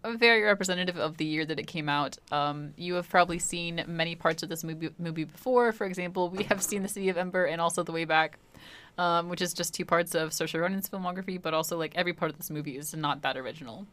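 A woman's voice: fairly low pitch, fast, a bit bright. A young woman co-hosting a podcast, chatting casually about a film with a dry, matter-of-fact manner and reading out review scores. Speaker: podcast co-host.

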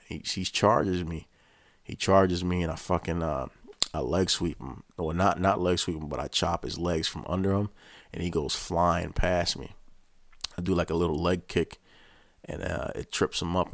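A podcast host with a deep, gravelly voice tells a story in a casual, rambling, profane way, swearing constantly. The sound is close and dry with no echo.

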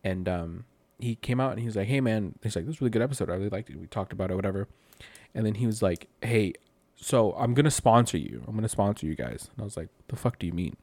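A young man co-hosting a podcast and telling a long story in a relaxed, rambling way. His pitch rises and falls a lot, and he leans on fillers. The recording is dry and close, with almost no room sound. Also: fast talker, no room sound. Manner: animated, rambling with many fillers. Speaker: podcast co-host. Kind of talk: casual chat, storytelling.

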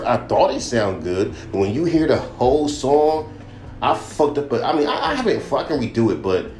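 A man's voice: medium pitch, darkish tone, a little hiss or hum. A young man and rapper hosting a podcast, ranting bluntly with constant swearing and mocking his critics. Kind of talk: profane casual rant. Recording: echoey room with faint music.

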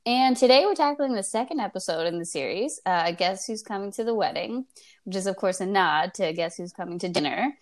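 A woman's voice: mid-range voice, animated, fairly quick. A woman in her thirties hosting a podcast, giving playful, upbeat introductions. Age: 30s. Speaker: podcast host. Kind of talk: casual chat.

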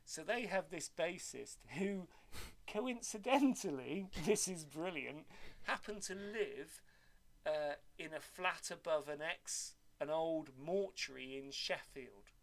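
A man's voice: fairly high pitch, takes it slowly. An older man telling rambling anecdotes in casual chat, cursing freely. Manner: lively rambling storyteller, swears freely.

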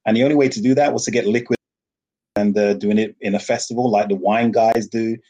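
A man's voice: lowish voice, fairly even intonation, fairly quick, warm tone. A man, a festival founder, talking animatedly in an interview, laughing often and acting out voices in his stories. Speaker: rum festival founder, guest. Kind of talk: casual interview talk.

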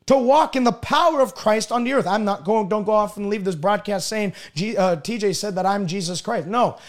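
A young man preaching a sermon on a broadcast, emphatic and building to loud declarations. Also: high-pitched, a little fast.

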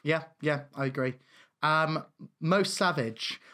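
Enthusiastic man, higher voice. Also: takes it slowly, bright, forceful tone. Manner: enthusiastic, hesitant with fillers. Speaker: podcast co-host. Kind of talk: casual chat.

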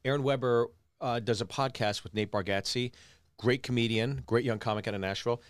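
A man's voice: medium pitch, a little fast, no room sound. A man from Pittsburgh, a comedian guest on a podcast, telling a casual story full of quoted dialogue. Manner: animated anecdote teller, lots of quoted dialogue.

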